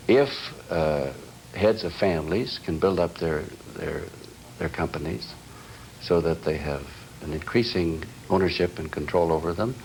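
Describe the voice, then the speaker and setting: A man being interviewed for a television documentary, talking haltingly with many restarts as he searches for words. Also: low-pitched, gravelly, a little mellow, a little hiss or hum, rough recording. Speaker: interviewee, business heir.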